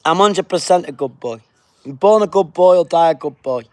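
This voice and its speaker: A man's voice: on the high side, animated, moderate pace, no room sound. Chatty man on a livestream. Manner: chatty, reads viewer comments aloud, says big up yourself; puts on a flight announcement voice. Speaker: livestream host. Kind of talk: casual livestream chat reading comments.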